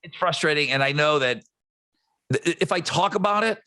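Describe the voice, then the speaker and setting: A man co-hosting a music podcast, talking in a rambling, excitable way with frequent restarts. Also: fairly high pitch, normal speed, dry recording. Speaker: podcast co-host. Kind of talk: casual chat.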